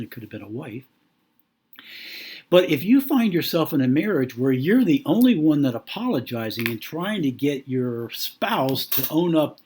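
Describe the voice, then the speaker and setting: A man with a husky, slightly mellow, medium-pitched voice earnestly teaches about marriage. He dramatizes a quarrel between a couple, frequently repeating words along the way.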